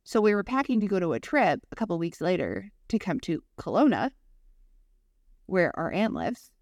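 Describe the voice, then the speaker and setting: A young woman co-hosting a podcast, telling a story in casual chat, animated and swearing freely while acting out voices. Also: fairly low pitch, normal speed, no room sound, studio quality. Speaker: podcast co-host.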